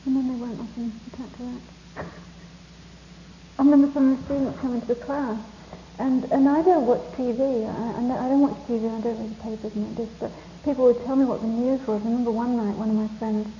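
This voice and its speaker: A woman teacher giving a spiritual talk to a live audience, telling stories in a soft, reflective and hesitant way. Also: fairly high pitch, fairly even intonation, a little fast, slight background noise. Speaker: meditation teacher. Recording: echoey, muffled room recording with faint ambience.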